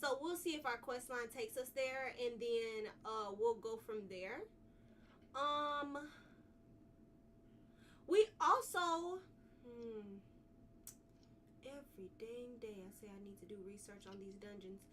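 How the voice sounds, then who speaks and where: A woman's voice: fairly high pitch, slow, long pauses, fairly bright tone, recorded from a distance, a little hiss or hum. A woman live-streaming a video game, chatting casually and bubbly, repeating her phrases as she greets viewers. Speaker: livestreamer.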